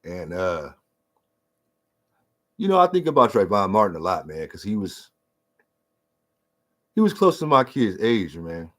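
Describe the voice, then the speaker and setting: A man's voice: lowish voice, very animated, unhurried, pauses often, a bit bright. Middle-aged guy ranting, cussing a lot, gets emotional telling his story. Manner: profane, heated, emotional. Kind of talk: casual storytelling rant.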